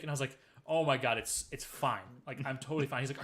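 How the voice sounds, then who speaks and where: Fast-talking animated man. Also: mid-range voice. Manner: fast, animated storytelling with profanity. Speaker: podcast co-host. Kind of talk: casual chat.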